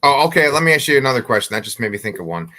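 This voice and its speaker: A man's voice: medium pitch, big pitch swings, rapid-fire, pushed and bright. A man hosting a casual family video, asking his young daughter easy questions and cheering her on. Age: adult. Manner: chatty, encouraging, asks questions.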